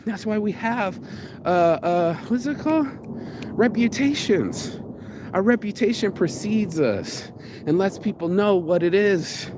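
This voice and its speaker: A man telling stories in a profane, rambling, animated rant as a vlogger. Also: sits high, a little slow, noisy background. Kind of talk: casual storytelling rant.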